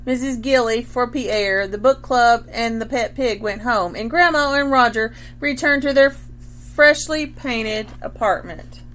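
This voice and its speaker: A woman reading a picture book aloud to children, with an expressive delivery, stopping to point at the pictures and ask questions. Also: a little high, measured pace, a little hiss or hum. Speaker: read-aloud reader.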